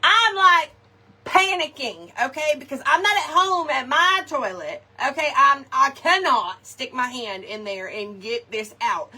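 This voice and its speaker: A woman telling a funny personal story to her viewers in a chatty, animated way, tossing in "y'all" and "okay" often. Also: high voice, a little slow, few pauses, breathy edge. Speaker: craft shop host.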